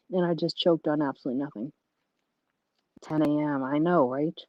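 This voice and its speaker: A woman's voice: low voice, fairly even intonation, normal speed, no room sound, highs cut off. A tired woman chatting casually as a livestream guest, rambling and laughing often, her voice worn from lack of sleep. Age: adult with a child. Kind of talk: casual chat.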